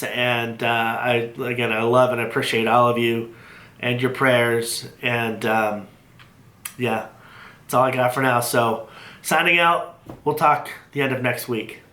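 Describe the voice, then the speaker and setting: A man recording a casual personal video diary, halting and heartfelt, with many fillers and restarts. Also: medium pitch, bright, forceful tone, echoey room. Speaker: vlogger sharing his cancer treatment. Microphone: built-in device mic after lapel mic failed.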